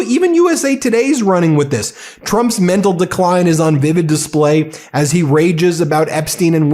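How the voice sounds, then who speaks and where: A man's voice: high-pitched, a little mellow. A man hosting a casual political commentary, talking in a sarcastic, exasperated, mocking way.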